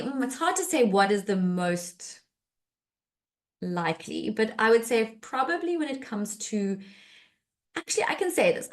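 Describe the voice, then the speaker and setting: A woman therapist with a mid-range voice talks casually on a podcast, full of fillers and restarts. She acts out quoted speech in lively voices.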